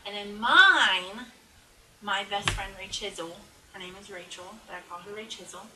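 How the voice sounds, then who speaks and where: A woman's voice: mid-range voice, little pitch movement, a little fast. A young woman chatting casually as a bride-to-be guest, laughing easily and trailing off. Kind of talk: casual chat. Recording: echoey room, away from the mic, faint background hum.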